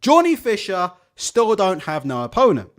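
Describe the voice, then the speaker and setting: A man's voice: high-pitched, normal speed. Sarcastic man ranting about boxing. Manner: profane, sarcastic, animated. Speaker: boxing show host. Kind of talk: live-stream rant.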